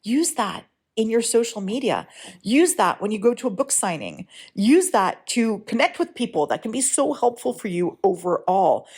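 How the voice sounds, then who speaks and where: A woman's voice: a little high, breathy edge. Chatty woman podcast host, frank. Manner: chatty, keeps checking in with "right?"; frank, lightly profane. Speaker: writing coach and podcast host. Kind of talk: casual solo podcast talk.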